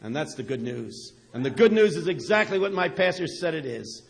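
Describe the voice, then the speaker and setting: Male preacher with a high voice, storytelling sermon that rises to shouting peaks. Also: big pitch swings, fairly quick, gravelly. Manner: storytelling, building to shouted crescendos.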